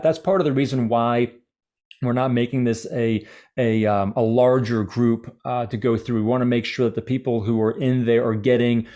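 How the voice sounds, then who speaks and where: A man explains a training program in a casual conversation. He talks with eager energy at a middle pitch and often trips into small restarts and fillers. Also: warm tone. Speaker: speaker academy organizer. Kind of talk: casual video-call chat.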